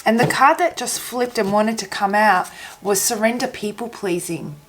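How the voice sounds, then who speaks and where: A woman giving an intuitive tarot reading, speaking gently and haltingly, repeating phrases as she searches for words, her voice catching in her throat. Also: mid-range voice, slight background noise. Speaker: tarot reader.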